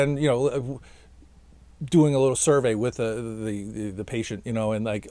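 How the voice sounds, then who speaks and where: A man's voice: medium pitch, animated, fairly quick, darkish tone, dry recording. A tired man chats straight to camera in a rambling, self-mocking monologue, always about to sign off and never quite stopping. His voice sits mid-range and sounds close and dry, with no room around it. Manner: chatty, self-mocking, keeps talking past his own sign-off. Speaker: vlogger and stage actor.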